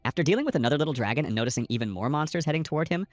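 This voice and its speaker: A man recaps a comic book in a scripted storytelling style, his fairly high voice expressive and racing, with no echo and faint music behind. He voices every character himself in a lightly varied narrator voice, with slightly uneven stresses.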